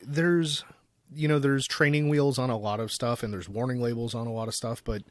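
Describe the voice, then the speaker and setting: A man's voice: medium pitch, steady tone, moderate pace, no room sound. A man co-hosting a podcast in casual chat, an easygoing storyteller who reads articles aloud. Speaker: podcast co-host.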